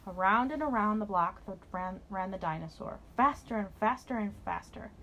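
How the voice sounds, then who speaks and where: A woman reading a children's picture book aloud in an expressive storytelling voice. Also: mid-range voice, moderate pace, a little hiss or hum, poor audio.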